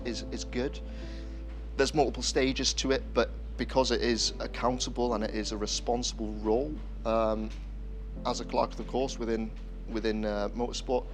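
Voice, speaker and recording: A man of middle pitch who serves as a race official, talking at a careful, halting pace with frequent ums and restarts. Faint music plays under his voice. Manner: measured, halting, with many fillers and restarts. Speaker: deputy clerk of the course and race official. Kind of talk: casual explanatory talk to camera.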